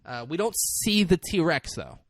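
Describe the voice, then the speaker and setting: A man's voice: a little high, big pitch swings, unhurried, dry recording, clean studio sound. A man casually recapping a movie on a podcast, crude and mocking, acting out the characters' lines. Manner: crude, mocking retelling with quoted voices. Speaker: podcast co-host.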